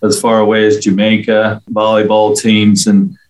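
Man, from England, middle-aged, low voice, rambling casual chat. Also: monotone, moderate pace, darkish tone, low-quality recording. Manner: rambling, friendly storytelling with fillers. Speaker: interview guest, local resident.

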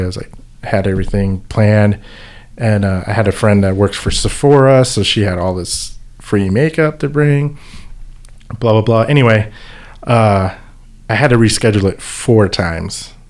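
A man tells a story in a loose, rambling way, stopping and restarting with plenty of fillers. His voice sits a little low. He speaks as a volunteer who organizes events. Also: a little mellow. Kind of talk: casual storytelling.

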